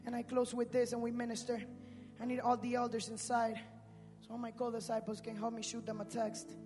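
Male preacher, high voice, slangy, loud-to-quiet swings, big church reverb. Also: monotone, fairly quick. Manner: swings between shouting and hushed speech. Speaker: pastor. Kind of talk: sermon. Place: church sanctuary. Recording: reverberant hall with music.

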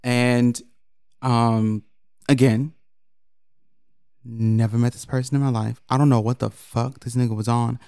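A man co-hosting a podcast, telling a story in casual chat, animated and profane, jumping into high mocking quotes. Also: a little slow, gravelly, pauses often, smooth, no echo, studio quality.

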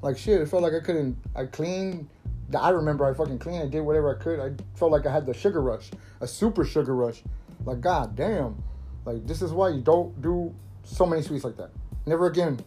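Man, 30s, swearing podcast host with a mellow voice and a faint guitar bed. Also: a little high, brisk. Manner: profane, rambling, laughing. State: coughing from smoking. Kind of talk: casual stoner monologue. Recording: faint guitar music behind.

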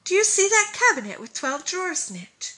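Gentle mom-like schoolmistress, woman reading, soft and kind. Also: very high-pitched, big pitch swings, brisk, voice pushed up, full character voice. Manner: gentle, warm instruction. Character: gentle, kindly motherly schoolmistress.

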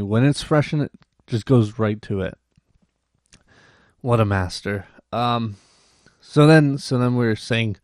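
A man's voice: mid-range voice, a little mellow, no echo, studio quality. A young Canadian man hosting a podcast, rambling through a casual story with many restarts and acted-out quotes. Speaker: podcast host.

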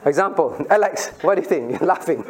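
A man's voice: fairly high pitch, expressive, fairly quick, slight background noise. A middle-aged man, a pastor giving a playful Bible lesson to children and asking them questions. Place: church room with children.

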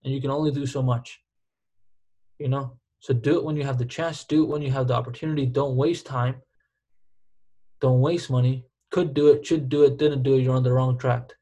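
A man's voice: medium pitch, fairly even intonation, a little fast, mellow, slightly rough, dull audio. A man co-hosting a podcast in casual chat, emphatic and repetitive, dropping slang like dude and bro. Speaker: podcast co-host.

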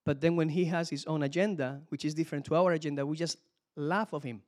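A man preaching a sermon, animated, calling out hallelujah and praise the Lord between points. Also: on the high side, quick pace. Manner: animated, exclamations of hallelujah, some restarts.

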